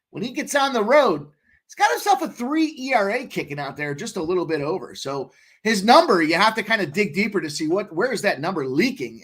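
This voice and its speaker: Male co-host, higher voice, brash, cursing, hyped betting talk. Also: a bit bright. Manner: brash, profane, hyped and boastful. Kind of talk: casual sports betting chat.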